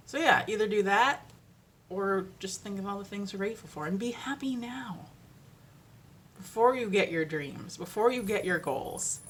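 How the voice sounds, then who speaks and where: A woman's voice: mid-range voice, lively intonation, moderate pace, slight background noise. A woman vlogging from home in a casual, rambling chat, with lots of "like" and laughter. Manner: chatty and rambling, with many fillers and laughs. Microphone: ring-lit camera.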